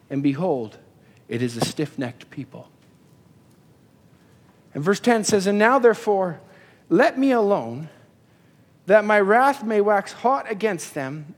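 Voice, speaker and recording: A man with a high voice preaches a sermon, and his delivery is lively and animated. He slips into little voices for the people in the story. The sound carries a long reverb from a church hall. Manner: animated preaching, voices biblical figures in asides. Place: church sanctuary.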